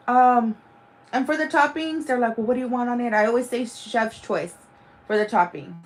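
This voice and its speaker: A woman's voice: a little high, normal speed, a little hiss or hum. A woman hosting a livestream, chatting casually in a rambling, profane way with many fillers. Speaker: livestream host. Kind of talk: casual chat.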